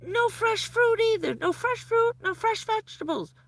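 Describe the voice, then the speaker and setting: A woman putting on the voice of a panicked male doctor, who breathlessly shouts warnings in alarm. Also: very high voice, lively intonation, normal speed, vocal fry, pitched above the performer's own voice, exaggerated voice.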